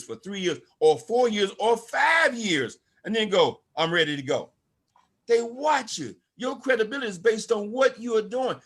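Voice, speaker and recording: Older male speaker, high voice, preachy and emphatic, calling out to a video-call audience. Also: pushed and bright. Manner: preachy, emphatic, calls out to listeners. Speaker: network marketing speaker. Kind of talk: motivational talk to an online audience.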